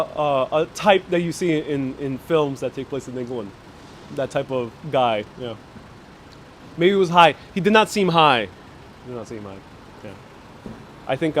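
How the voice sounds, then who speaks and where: A man's voice: fairly high pitch, slight background noise. A man hosting a live-streamed walking vlog, chatting casually with lots of fillers, restarts and frequent laughs, speaking into a handheld phone outdoors. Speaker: travel vlogger host. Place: outdoors on city streets. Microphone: phone held in hand while live streaming.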